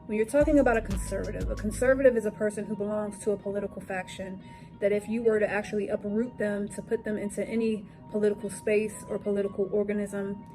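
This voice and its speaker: A woman's voice: mid-range voice, a little mellow. A woman giving an explanatory commentary monologue, lecturing with rhetorical questions and emphatic lists. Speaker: political commentary vlogger.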